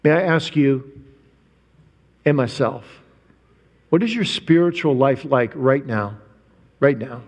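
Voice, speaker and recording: A man preaching a sermon, emphatic, with rhetorical questions and stressed, drawn-out words. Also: medium pitch, a little mellow. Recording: long hall reverb.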